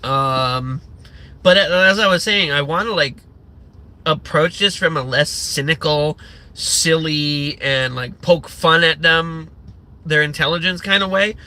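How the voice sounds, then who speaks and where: Bright-voiced, sarcastic ranting man. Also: fairly high pitch, a little slow. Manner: sarcastic, profane, rambling with many fillers. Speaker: livestream host. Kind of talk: profane livestream rant.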